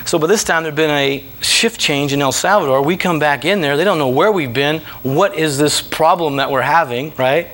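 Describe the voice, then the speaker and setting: Male storyteller, lively and laughing, slightly raised voice, comic road-trip yarn. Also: fairly high pitch, normal speed, hardly any pauses. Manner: animated, laughing asides, acts out voices. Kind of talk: comic travel anecdote told live.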